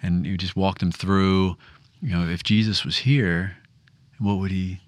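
A man's voice: sits low, steady tone, unhurried, dry recording. A man telling stories in a reflective, casual faith discussion, often repeating words. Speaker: discussion panelist.

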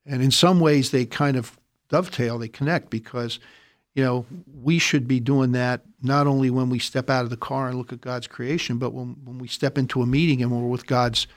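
A man's voice: mid-range voice, steady tone, moderate pace, no echo, clean studio sound. Reflective man in casual talk. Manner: reflective, gentle, with fillers and brief affirmations. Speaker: co-host of a faith reflection show.

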